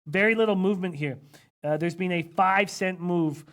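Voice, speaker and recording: A man's voice: sits high, normal speed, a bit bright. A man hosting a live betting-picks stream, thinking aloud casually and reading out viewer comments with frequent hmms. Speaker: sports betting analyst host.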